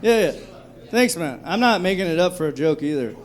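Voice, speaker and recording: Man, stand-up comedian, fairly high voice, profane, chatty, comedy club. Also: lively intonation, brisk, some chatter behind. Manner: profane, conversational, acts out drunk voices.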